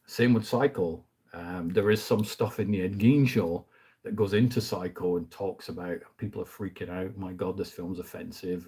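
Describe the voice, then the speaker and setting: Chatty husky man. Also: sits low. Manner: rambling, chatty, enthusiastic, trails off quietly. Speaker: host, film reviewer. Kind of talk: casual chat.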